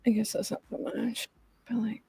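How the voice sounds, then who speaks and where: A woman's voice: a little high, little pitch movement, moderate pace, creaky, warm tone, a little hiss or hum. A young adult woman chatting casually on a livestream, rambling, swearing and laughing as she talks. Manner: rambling, profane, laughing often. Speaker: livestream host.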